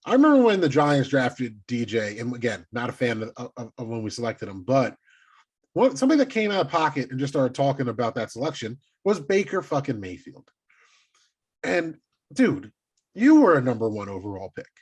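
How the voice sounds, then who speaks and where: A man co-hosting a casual sports podcast, teasing and animated, who swears casually. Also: medium pitch, brisk, breathy edge. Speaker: podcast co-host.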